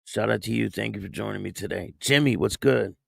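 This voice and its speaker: A man's voice: fairly low pitch, a little fast, gravelly. A man hosting a casual livestream, greeting viewers by name and reading news stories aloud with small stumbles. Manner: reads chat names and donations aloud, reads news with stumbles. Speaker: online show host.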